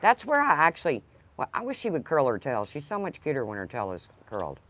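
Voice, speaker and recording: Low-voiced woman, lively pitch. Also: fast, background noise. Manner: rambling, talks to her dog. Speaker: livestream host. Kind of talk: casual livestream chat.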